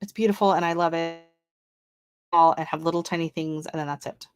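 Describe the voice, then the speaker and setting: A woman's voice: low voice, steady tone, brisk. Chatty woman hosting a gardening livestream. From not from Canada. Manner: chatty, reads seed listings aloud and reacts. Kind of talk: casual live-stream chat.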